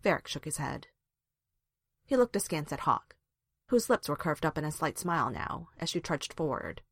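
A woman reading a fan fiction story aloud with expressive narration. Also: deep voice, moderate pace, husky, no room sound, studio quality. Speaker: reader.

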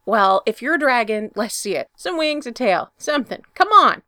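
A woman voicing an excitable young father in a storybook reading, loud and indignant, his voice jumping upward. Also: a little high, normal speed, dry recording, clean studio sound.

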